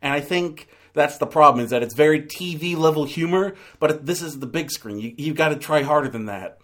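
A man's voice: a little high, fairly quick. Rambling man reviewing films. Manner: rambling, many restarts and fillers. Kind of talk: casual film review.

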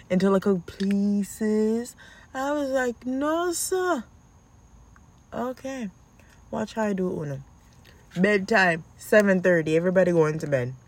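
In a casual vlog, a mother of two tells stories about her children, animated and acting out her own yelling. She speaks with a lilt in a mid-range voice.

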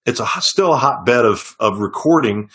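A middle-aged singer-songwriter talking casually in an interview, telling long stories with many restarts and fillers. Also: male voice, mid-range voice, animated, normal speed, bright, forceful tone. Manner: rambling storyteller with frequent restarts.

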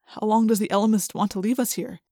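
A woman's voice: mid-range voice, fairly even intonation, fast talker, warm tone, no room sound, studio quality, lightly acted. Lady reading a level-headed teen boy asking straight questions. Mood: questioning.

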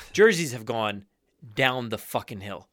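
A man's voice: medium pitch, animated, unhurried, fairly bright tone, dry recording, clean studio sound. A man co-hosting a podcast in casual, joking chat, swearing freely and breaking into silly voices. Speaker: podcast co-host.

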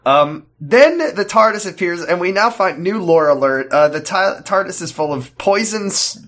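Sarcastic joking man, somewhat high voice. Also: lively intonation, moderate pace, fairly bright tone. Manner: sarcastic, joking, with frequent fillers and mock voices. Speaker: podcast cohost. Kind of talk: casual chat.

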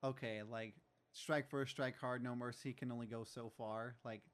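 A man's voice: medium pitch, fairly even intonation, normal speed. A man in casual chat, reflecting on the show and often agreeing in short words. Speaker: podcast co-host.

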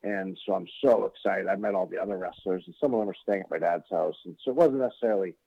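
A middle-aged man telling a story in casual chat, animated and swearing freely. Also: deep voice, quick pace, gravelly, breathy edge. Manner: animated, swearing, acting out quotes. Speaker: podcast guest. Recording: dull lo-fi sound.

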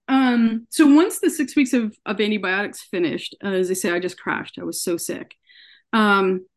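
A woman guest in a podcast interview, telling her own story earnestly and often repeating words as she goes. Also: medium pitch. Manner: earnest, often acts out dialogue in her retelling; repeats words and restarts when upset. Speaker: guest, researcher.

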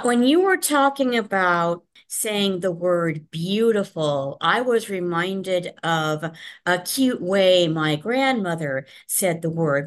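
A woman fondly telling a short anecdote in a lively, sing-song voice. She speaks at an unhurried pace. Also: mid-range voice. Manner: fond, storytelling. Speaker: participant. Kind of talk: casual anecdote.

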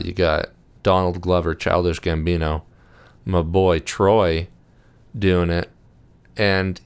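A young man with a deep, low-pitched voice gives a loose, rambling monologue. His tone is smooth and clear, and his delivery is enthusiastic, with frequent "uh"s and restarts. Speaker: video host. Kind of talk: casual monologue reviewing films.

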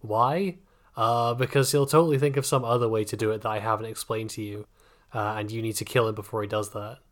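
A man's voice: fairly low pitch, steady tone, fairly quick. A man co-hosting a casual book podcast, rambling and joking, laughing often and swearing freely. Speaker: podcast co-host.

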